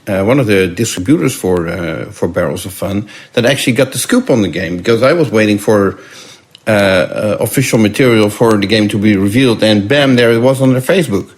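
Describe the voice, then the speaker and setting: A man's voice: lowish voice, fairly quick. A man co-hosting a pinball podcast in casual chat, interjecting to steer the conversation. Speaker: pinball magazine podcast co-host.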